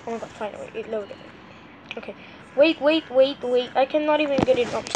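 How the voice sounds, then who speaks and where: Talking a little fast in a high-pitched voice against background noise, a sleepy woman vlogger rambles through casual screen-recording commentary. She gets frustrated easily and speaks straight to her viewers.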